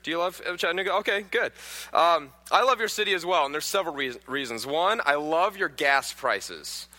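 Brief: bright, forceful male preacher in his 30s, jokey, echoey hall. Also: on the high side, expressive, fairly quick. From Pennsylvania. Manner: joking, questions the audience. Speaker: guest preacher. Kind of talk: sermon with humorous stories.

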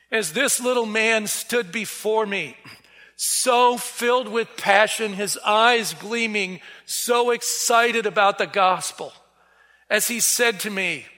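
Bright high-voiced man preaching in a hall. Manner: earnest, acts out quoted voices. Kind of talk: sermon storytelling. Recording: reverberant hall.

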